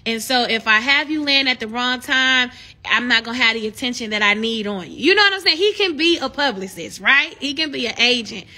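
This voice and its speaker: A bright, high-voiced young woman chats casually on a live stream. She often slips into animated, encouraging preaching, with a forceful edge to her tone. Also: brisk. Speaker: livestream host.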